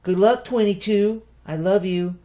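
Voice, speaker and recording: Casting: a male reader doing a flamboyant, jumpy young brother, raised pitch, loud bursts. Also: unhurried. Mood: excited. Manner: loud, excitable exclamations. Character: sassy, dramatic young man.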